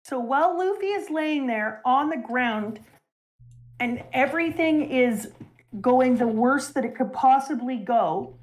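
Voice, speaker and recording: A woman in casual chat, recapping a story arc in an animated, emotional way and laughing now and then. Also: high voice, unhurried.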